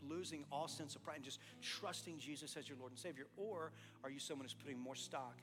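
Pastor, male, high bright voice, sermon in a reverberant hall over faint music; animated storyteller. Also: a little fast. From East Texas. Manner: animated storytelling, acting out both sides of dialogues, then quiet earnest appeal.

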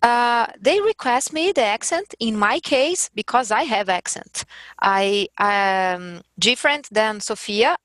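Slow-talking woman. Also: fairly high pitch, expressive, fairly bright tone, no echo. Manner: careful, halting English with a strong accent. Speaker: voice actor guest. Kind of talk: podcast roundtable chat.

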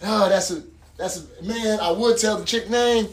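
A man hosting a casual podcast, telling profane, animated stories and laughing often. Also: high-pitched, moderate pace. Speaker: podcast host. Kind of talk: casual chat, storytelling.

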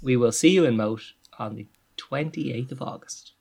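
A man's voice: medium pitch, moderate pace, creaky, darkish tone. A man co-hosting a podcast, joking in a wry manner. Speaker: podcast co-host. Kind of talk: casual chat.

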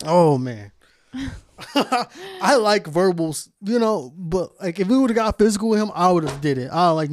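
A man hosts a casual podcast, ranting with heavy swearing and frequent laughter. His voice sits high with big pitch swings, and he speaks a little slowly. There is a little hiss or hum in the audio.

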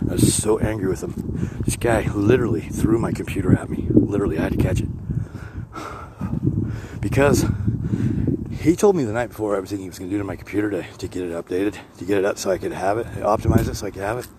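A podcast host with a low voice walks neighborhood streets outdoors, rambling fast through a walk-and-talk monologue. He speaks bluntly, swears freely, and keeps breaking off, restarting and digressing, while passing vehicles and street ambience are clearly audible beneath him.

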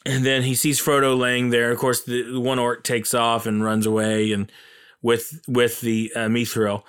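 A man's voice: mid-range voice, monotone, moderate pace, a bit bright, smooth. A man casually and enthusiastically retelling a film's plot, rambling with many fillers. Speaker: film commentator.

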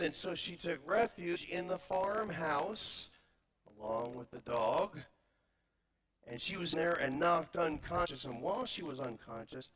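A male pastor preaching a sermon, retelling a familiar film story with wry humorous asides. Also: high voice.

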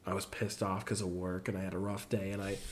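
A man's voice: low voice, flat delivery, fast talker. A man co-hosting a casual chat while drinking, laid-back and prone to swearing. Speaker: podcast co-host.

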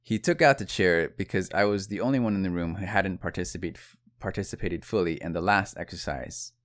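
A man's voice: low-pitched, brisk. A man telling a personal story to viewers in a casual, conversational monologue, with asides and restarts.

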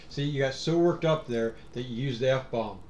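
A man hosting a podcast, chatting casually with dry, teasing remarks. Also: mid-range voice. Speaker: podcast host.

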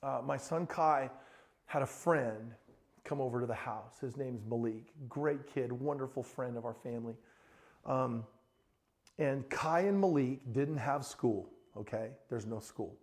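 A middle-aged man preaching a sermon as pastor, telling family stories in an animated way. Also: mid-range voice, unhurried. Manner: storytelling, animated, rises to excited shouting in anecdotes.

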